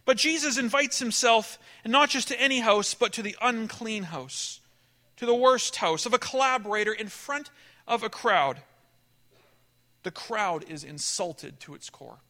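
A man preaching a sermon, telling a story with animated delivery that swings between emphatic and hushed. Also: sits high, a little slow.

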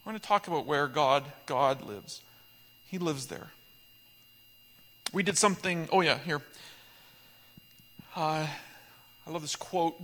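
A man's voice: on the high side, brisk, pushed and bright. A man preaching a sermon as pastor, delivering emphatic, repetitive litanies. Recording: echoey hall.

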